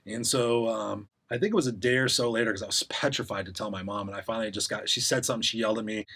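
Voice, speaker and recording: A man's voice: lowish voice, steady tone, fast, fairly bright tone, slightly rough. A middle-aged man, a podcast guest, candidly telling his story in casual interview talk and acting out the voices he quotes.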